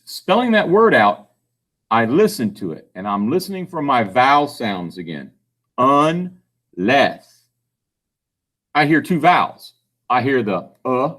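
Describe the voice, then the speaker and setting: A man's voice: mid-range voice, a bit bright. A man giving a phonics lesson to children, patiently sounding out words syllable by syllable. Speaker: reading tutor.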